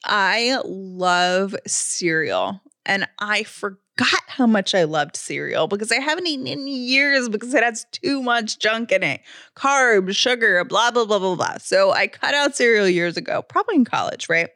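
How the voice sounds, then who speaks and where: A woman's voice: fairly high pitch, animated, normal speed, pushed and bright, dry recording, studio quality. A woman co-hosting a podcast, chatting casually and reading an ad with enthusiasm. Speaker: podcast co-host. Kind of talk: casual chat and host-read ad.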